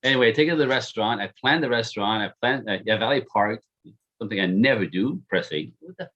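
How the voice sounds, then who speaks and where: A man on a podcast telling the story of how he met his partner, animated and self-mocking, laughing often. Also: fairly low pitch, fast, lo-fi sound.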